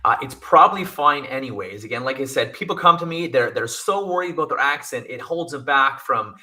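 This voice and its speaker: Bright, emphatic male communication coach. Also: medium pitch, a little fast. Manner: energetic, emphatic, repeats key phrases. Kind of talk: interview answers, coaching advice.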